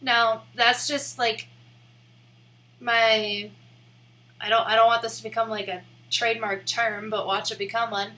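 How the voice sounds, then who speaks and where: A woman's voice: on the high side, flat delivery, measured pace, pauses often, sharp tone. A young woman streaming live, rambling in a casual, giggly way with lots of "like" fillers. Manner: rambling and giggly, heavy use of "like".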